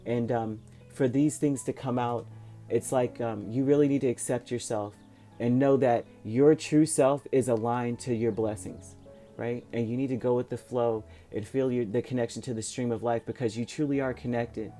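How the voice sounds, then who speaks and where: A man's voice: medium pitch, steady tone, normal speed, mellow, soft background music. A man giving a rambling, reassuring tarot reading to his viewers, with many ums and restarts. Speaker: tarot reader. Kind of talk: casual spoken tarot reading.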